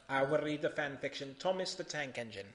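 A man hosting a comic live reading of odd fan fiction, theatrical and bursting into loud shouted voices. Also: fairly high pitch.

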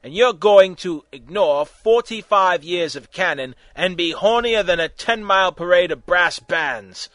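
A man's voice: high voice, lively intonation, measured pace, few pauses, a bit bright, no room sound. A man voicing a smug, scheming bespectacled man with a ray gun in a comic fan fiction reading, making grand proclamations.

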